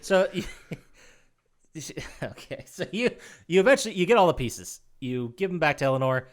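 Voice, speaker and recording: A man co-hosting a podcast, retelling a video game story in casual chat, animated and quick to laugh, with restarts. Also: on the high side. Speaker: podcast co-host.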